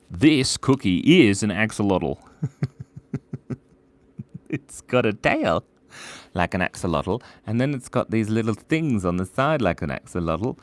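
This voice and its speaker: A man's voice: fairly low pitch, very animated, normal speed. A man hosting a live drawing stream, playful and giggly as he chats with viewers while he draws. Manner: playful, giggly, silly asides. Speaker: animator hosting a drawing livestream.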